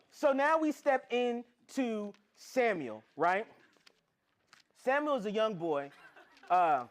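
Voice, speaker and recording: A man with a high voice gives a casual Bible lesson, retelling the stories in slangy everyday language and acting out what the characters say.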